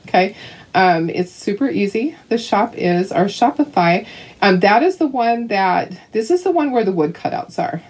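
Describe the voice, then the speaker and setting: A woman's voice: mid-range voice, a little mellow, slightly rough. An older woman from Canada chatting casually with viewers while she paints craft kits, laughing often and restarting her sentences. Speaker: craft livestream host.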